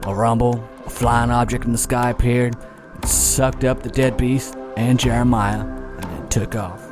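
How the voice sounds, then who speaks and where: A man voicing a frontier-town mayor in a put-on accent, telling a long grim tale in drawn-out monologues. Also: medium pitch, fairly even intonation, natural voice. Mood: grave. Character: male small-town mayor, shaken gunslinger-era storyteller. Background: music.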